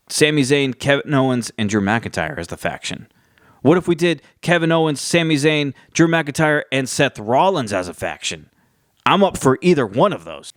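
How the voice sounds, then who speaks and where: A man's voice: a little high, no room sound, studio quality. A man giving a casual, rambling recap of a wrestling show, with frequent fillers and restarts. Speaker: wrestling commentary YouTuber.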